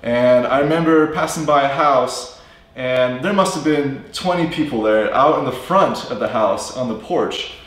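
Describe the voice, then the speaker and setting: A man's voice: mid-range voice, normal speed, fairly bright tone. American man telling a story, echoey. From United States. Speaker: English teacher, live stream co-host. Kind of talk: casual live-stream chat and storytelling. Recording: very echoey room.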